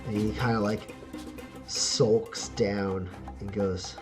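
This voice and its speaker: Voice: low-pitched, steady tone, takes it slowly, music in the background. A game master narrating a tabletop game in a loose, rambling way, full of fillers and laughter.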